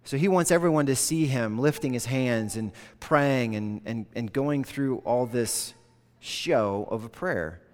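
A man preaching a sermon, earnest and conversational, mid-pitched, acting out the people he quotes. The voice carries a long reverb of a large hall. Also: unhurried. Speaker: pastor.

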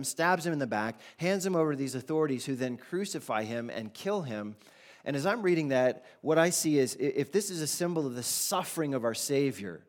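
A man preaching a sermon as pastor, in a conversational, animated way with casual asides. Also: mid-range voice.

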